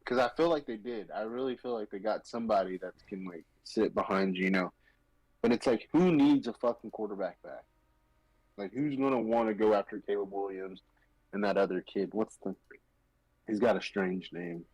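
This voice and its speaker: A man's voice: fairly low pitch, moderate pace, breathy edge, dry recording, rough recording. Podcast guy telling stories, does the customers' voices, dry close sound. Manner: animated storyteller acting out customers' voices. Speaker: podcast co-host. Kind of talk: casual chat.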